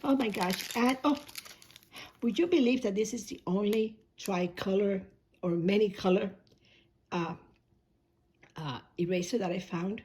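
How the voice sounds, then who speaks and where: Hoarse, chatty woman vlogger. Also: mid-range voice, unhurried, long pauses, darkish tone. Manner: rambling, self-correcting, chatty. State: hoarse, coughing. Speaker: shoebox-packing vlogger. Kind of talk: casual unboxing chat.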